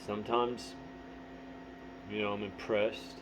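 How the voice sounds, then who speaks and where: A man talking candidly to the camera in a profane, motivational monologue. He is blunt, swears constantly and often clears his throat. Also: on the low side, flat delivery, takes it slowly. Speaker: vlogger. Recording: dull lo-fi audio with faint hum.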